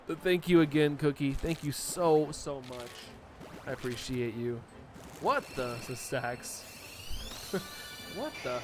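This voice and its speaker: A man's voice: medium pitch, lively intonation, slow pace, pauses often, music in the background. A young man live-streaming, chatting casually and laughing often as he reacts to viewer messages.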